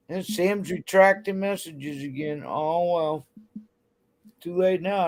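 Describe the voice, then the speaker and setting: Her voice fairly low, slow, and darkish in tone, a woman hosting a livestream unloads on her chat in a heated, blunt rant. Swearing runs through nearly every line.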